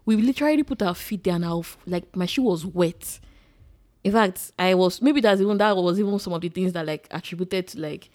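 A young woman with a Nigerian accent chats on her podcast in a quick, rambling way, full of "like" and restarts. Her voice sits fairly low and moves fast. She sounds relaxed and conversational. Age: young adult. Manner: chatty, many fillers. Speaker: podcast co-host. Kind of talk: casual chat.

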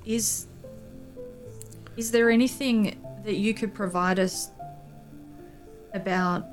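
A woman playing in a tabletop game, speaking politely and hesitantly, filling her pauses. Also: medium pitch, fairly even intonation, faint music behind. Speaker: player. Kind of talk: in-character tabletop play.

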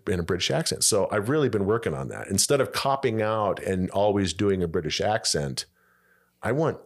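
A man with a very low voice talks casually as a guest on a podcast. He rambles, trails off and restarts his sentences as he goes. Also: animated, brisk. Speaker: voice actor guest.

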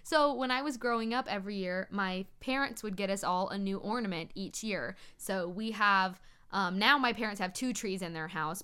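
A woman hosting a podcast, chatting excitedly with her spouse. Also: mid-range voice, clean tone. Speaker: podcast host. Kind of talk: casual chat.

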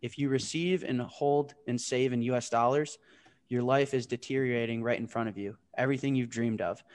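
Animated, profane young man telling stories. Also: mid-range voice, fairly quick, no room sound. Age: 20s. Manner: animated, profane, storytelling with acted-out quotes. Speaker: podcast guest, startup founder. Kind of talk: casual storytelling interview.

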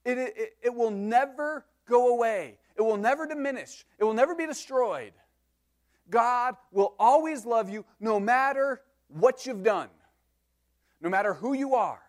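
A man with a notably high voice preaches to his congregation. He teaches through a psalm point by point and breaks it up with light joking asides. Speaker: pastor. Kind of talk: sermon.

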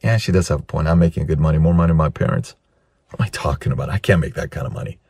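A man doing a defeated young man muttering to himself in bed. Low, quiet and husky, with a dry sound. Resigned throughout. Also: normal speed, no echo. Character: young man talking himself out of his dream.

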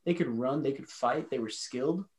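A man's voice: mid-range voice, normal speed, rough recording. A man co-hosting a podcast in casual chat, talking in an enthusiastic, rambling and joking way. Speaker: podcast co-host.

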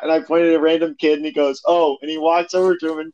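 Higher-voiced man, blunt and mocking. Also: a little fast, hardly any pauses, a little mellow, poor audio. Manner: blunt, mocking, laughs often. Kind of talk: casual chat.

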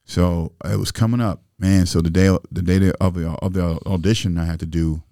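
Brief: low, mellow man with a gravelly edge, relaxed and profane, guest on a podcast with a close, dry mic. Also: moderate pace, dry recording. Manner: loose, profane street talk with many fillers. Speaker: interview guest. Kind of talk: casual podcast storytelling.

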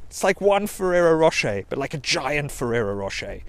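Guy rambling on, swears a lot, pitch jumps all over, kinda high voice. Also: sing-song, fairly quick, few pauses, dry recording. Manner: sweary, self-mocking, digressive, with quoted put-on voices. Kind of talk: rambling personal monologue.

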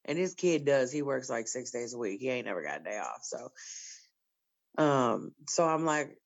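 A woman with a gravelly, creaky voice trades blunt, profane stories in casual chat. Her voice is dry and close, and the call audio sounds dull and lo-fi. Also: very deep voice, animated, normal speed, no room sound. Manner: blunt, profane, storytelling with laughs.

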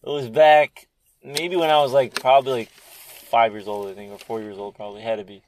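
A man's voice: medium pitch, little pitch movement, brisk, slight background noise. A young man chatting crudely with friends, rambling and swearing, often repeating himself and laughing mid-story. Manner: rambling, swears a lot, repeats words, laughs while telling stories. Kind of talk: crude casual chat among friends.

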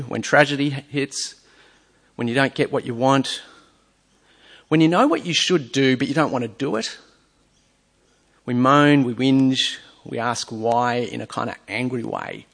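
A man's voice: mid-range voice, moderate pace, creaky, pauses often, fairly bright tone. A man preaching a sermon, reading scripture aloud and asking his listeners earnest rhetorical questions. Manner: reads scripture aloud between explanations. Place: church or hall with a screen.

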